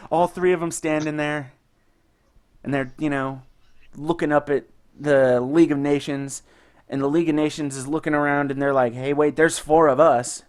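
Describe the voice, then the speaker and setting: A young man co-hosting a podcast, telling stories in a casual, excited and profane way. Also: on the high side, normal speed, pauses often. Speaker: podcast co-host. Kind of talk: casual chat.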